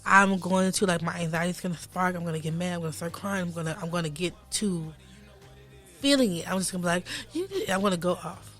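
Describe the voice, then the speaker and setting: Outspoken, animated young woman. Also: lowish voice, fast, soft background music. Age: young adult. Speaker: podcast guest. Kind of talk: casual chat.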